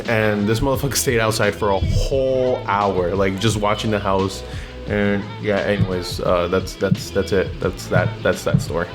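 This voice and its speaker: A man's voice: fairly low pitch, steady tone, moderate pace. A young man telling stories in a blunt, slangy rant, swearing constantly. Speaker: vlogger. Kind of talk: casual profane rant, storytelling. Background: music.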